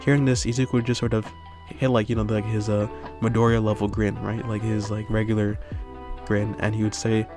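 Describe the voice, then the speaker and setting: A man's voice: fairly low pitch, level tone, fairly quick, over music. A man improvising a fan story aloud in a rambling way, full of fillers and tag questions. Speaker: channel host.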